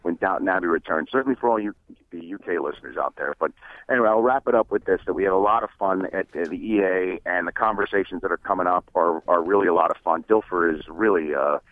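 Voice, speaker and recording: A man's voice: low-pitched, fast, no echo. Man talking over a tinny phone line. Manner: rambling, with many fillers and restarts. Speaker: podcast co-host. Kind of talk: casual chat.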